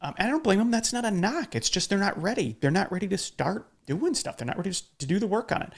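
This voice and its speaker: Emphatic, fairly high-voiced podcast host. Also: male voice, fast talker, gravelly. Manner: emphatic and animated, with blunt swearing. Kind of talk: casual podcast conversation.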